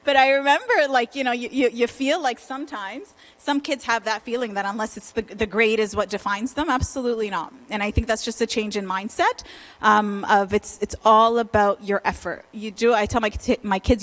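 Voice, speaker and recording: A woman's voice: a little high, normal speed, a bit bright, poor audio. A woman leading an informal church parenting talk and answering questions in a conversational way.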